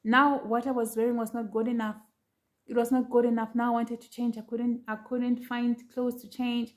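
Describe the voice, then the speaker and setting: A woman with a somewhat high voice tells her viewers about a dream in a casual, personal way. She speaks earnestly and addresses them directly, scattering fillers as she goes. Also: little pitch movement, moderate pace. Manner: earnest, talks straight to viewers with many fillers. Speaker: vlogger sharing a prophetic dream.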